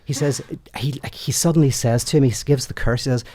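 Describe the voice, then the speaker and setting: Animated storytelling man, dry studio sound. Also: medium pitch, fairly quick, no echo. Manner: animated storyteller, acts out quoted lines. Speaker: podcast guest. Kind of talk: casual conversation.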